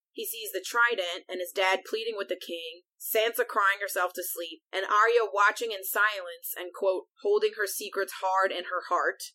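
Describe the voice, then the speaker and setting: Bright-voiced woman recapping a book. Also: medium pitch, rough recording. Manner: retells the chapter at length with frequent "like". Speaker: podcast co-host. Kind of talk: casual book discussion.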